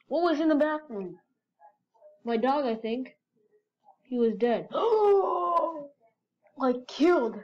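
A woman hosting her channel, reading chat stories aloud with excitable, gasping reactions. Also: a little high, muffled recording. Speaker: channel host.

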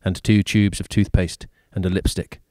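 A man acting as storyteller, reading a short story aloud at an even, measured pace. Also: sits low, no room sound, clean studio sound.

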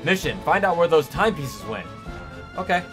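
A man's voice: a little high, big pitch swings, moderate pace, over music. A man streaming a video game and reacting with casual, joking commentary, sometimes swearing.

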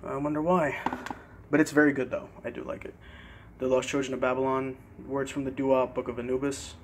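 A young man casually showing his CD collection in a vlog, relaxed and a bit hesitant, pausing over tricky words. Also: mid-range voice, a little hiss or hum. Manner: relaxed, hesitant with fillers and careful pronunciation. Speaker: vlogger. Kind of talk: casual CD collection show-and-tell.

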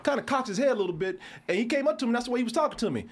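A man co-hosting a podcast, telling a story in casual chat, animated and profane, shouting when he imitates someone. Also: very high-pitched, very fast.

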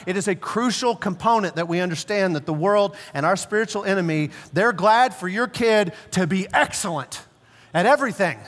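A man preaching a sermon as pastor, telling stories emphatically and slowing down and dropping low to stress key words. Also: fairly bright tone, in a large hall. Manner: storytelling, emphatic, slows and drops low for stress. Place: church sanctuary.

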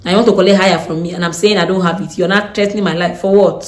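Fast-talking Nigerian woman telling a story. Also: on the low side, a little hiss or hum. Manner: animated, blunt, Pidgin-laced storytelling. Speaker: vlogger. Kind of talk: casual storytime. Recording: echoey room.

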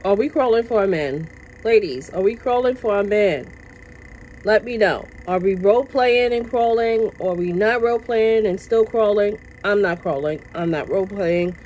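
A woman talks to camera from her workplace in an easy, chatty vlog style. Her voice sits at a middling pitch and she often repeats phrases. She gets passionate and loud at times, with faint ambient noise behind her. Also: normal speed, muffled recording. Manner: chatty, repeats herself, tags lines with "okay?". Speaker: vlogger. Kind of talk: casual chat to camera. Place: at work, indoors.

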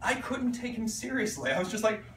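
A fairly high-voiced man from Pittsburgh tells classroom stories to a room of teachers, playing out the voices of students and parents. He talks in an animated way and keeps asking "right?" The recording is roomy and picked up from some way off, with faint room noise behind him. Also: a little fast. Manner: animated storyteller, acts out voices, frequent "right?". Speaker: art teacher presenting at a conference. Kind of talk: conference talk to teachers. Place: conference room. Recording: echoey room recorded from a distance.

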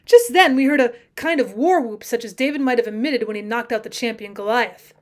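A woman teacher narrating a classic short story as an audiobook, measured and expressive. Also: fairly high pitch. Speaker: teacher reading aloud.

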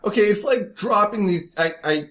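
A man with a Midwestern American accent co-hosting a comedy podcast, talking in a teasing, animated way and constantly cutting in. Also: high voice, moderate pace. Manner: animated, teasing, keeps interrupting. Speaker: podcast co-host. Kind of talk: casual comedic chat.

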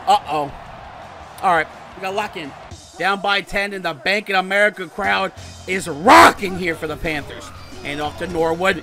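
A young man commentating his own football video game, calling plays in casual slang and breaking into shouts and yelps at the big moments. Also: high-pitched, moderate pace. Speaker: gaming YouTuber. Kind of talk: excitable play-by-play gaming commentary. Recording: music playing behind.

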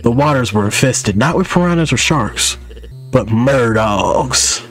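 A man voicing a boastful old male cat who spins long, drawn-out tales of his battles. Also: medium pitch, animated, a bit bright. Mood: boastful storytelling.

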